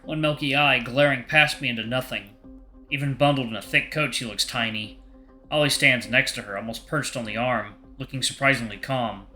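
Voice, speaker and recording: A man's voice: medium pitch, bright, forceful tone. A man narrating a visual novel aloud in the first person, with wry asides. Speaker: game streamer reading a visual novel.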